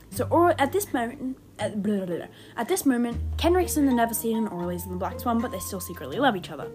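A young woman hosting an unscripted fan-theory podcast, excitable and rambling, who speeds up when excited. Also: medium pitch. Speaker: podcast host. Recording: music playing behind the voice.

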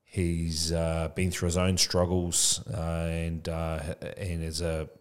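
This childcare business founder, a man in his forties, has a deep, clear, resonant voice that stays monotone as he takes things slowly. Appearing as a podcast guest in a candid conversational interview, he talks frankly and reflectively in a casual way, saying "bro" often.

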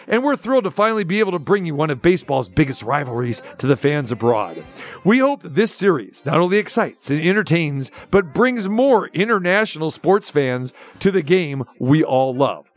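A man hosting a sports talk radio show, ranting with sarcasm and animated energy. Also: fairly high pitch.

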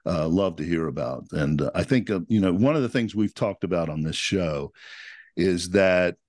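A man's voice: low voice, animated, moderate pace, darkish tone, dry recording, clean studio sound. A man hosting a podcast, opening in an upbeat announcer style and then chatting with fillers. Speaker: podcast host. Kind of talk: podcast intro and interview.

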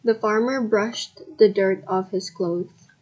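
Breathy woman reading a children's story. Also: mid-range voice, steady tone, highs cut off. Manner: slow, careful reading with bursts of loud sound effects. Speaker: podcast host and story reader.

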